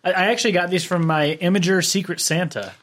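A man's voice: high voice, fairly even intonation, fast, a bit bright. A man hosting a casual podcast chat, laughing often and rambling, sharing one mic with his co-hosts. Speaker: podcast host. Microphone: shared microphone, leaning away at times.

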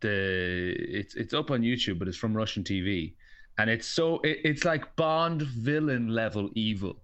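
A man's voice: fairly low pitch, measured pace, a bit bright. A man with an Irish accent chatting on a podcast, wryly explaining and clarifying points. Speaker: podcast host. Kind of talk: casual podcast chat. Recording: slightly dull lo-fi sound.

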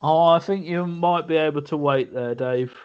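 A man's voice: a little high, moderate pace, clean tone. A man, co-hosting a podcast in playful casual chat, laughing often. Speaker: podcast co-host. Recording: dull lo-fi audio.

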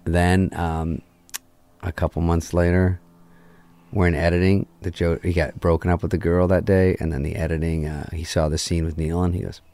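A film director appearing as a guest in a casual interview tells a long story in a low-pitched voice at normal speed. He is animated and swears a lot, acting out the quoted lines of the people involved.

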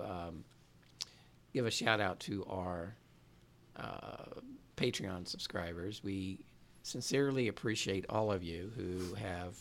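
A man's voice: lowish voice, fairly bright tone. A man hosting a comedy podcast, teasing his co-hosts in laid-back casual chat. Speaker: podcast host.

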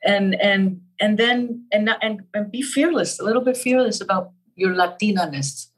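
An older woman from Cuba, an actress guest in an interview, talking in an animated, emphatic way and repeating key phrases. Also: mid-range voice, moderate pace, poor audio. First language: Spanish. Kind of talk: interview conversation.

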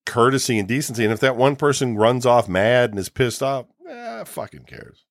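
A man's voice: medium pitch, brisk, dry recording, clean studio sound. A man co-hosting a podcast, ranting in casual chat and swearing freely. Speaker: podcast co-host.

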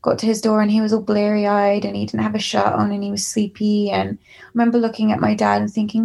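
Gravelly-voiced English woman recalling childhood. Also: medium pitch, a little fast, a little mellow. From England. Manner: reflective, emotional, candid. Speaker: musician guest. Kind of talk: candid storytelling interview.

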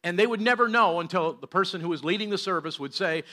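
An older man, a pastor, telling a story in a sermon and moving between loud bursts and hushed passages. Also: on the high side, expressive, brisk, hardly any pauses.

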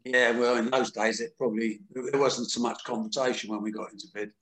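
A man's voice: mid-range voice, steady tone, a little fast, fairly bright tone, roomy sound. Older male guest, candid storyteller, plain mid-range voice. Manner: candid, earthy, acts out quotes. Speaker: boxing promoter. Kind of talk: anecdotal interview storytelling.

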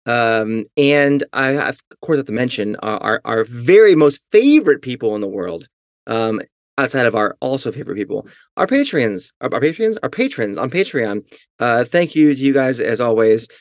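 A male podcast co-host chats casually, joking and poking fun at himself with many ums and uhs. His medium-pitched voice is very animated at a moderate pace, recorded at studio quality with no echo.

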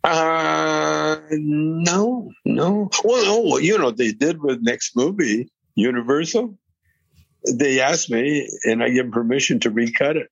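Guest, 80s man from Canada: rambling and laughing storyteller, husky voice, dry sound. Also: a little high, slow pace, no room sound, dull audio. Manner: rambling, laughing, with many restarts. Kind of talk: casual storytelling interview.

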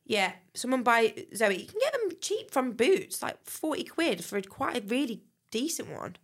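A woman in her thirties co-hosting a casual chat podcast, giggly and frank, breaking into loud laughter and swearing freely. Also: on the high side, very animated, moderate pace, breathy edge. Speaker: podcast co-host.

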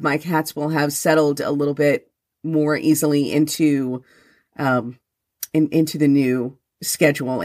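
A woman's voice: low-pitched, no echo, studio quality. A woman podcast host reading her own humorous essay aloud in a wry, mock-dramatic way, then chatting casually in her morning voice. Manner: chatty with restarts when speaking off the page. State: first-thing-in-the-morning voice.

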